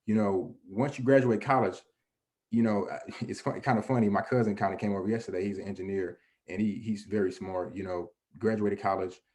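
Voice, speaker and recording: A man's voice: lowish voice, fairly even intonation, brisk, darkish tone. A man giving a motivational presentation to a young audience. He speaks in an earnest, conversational way, often restarting and filling with "you know", and asks and answers his own questions. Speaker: guest presenter.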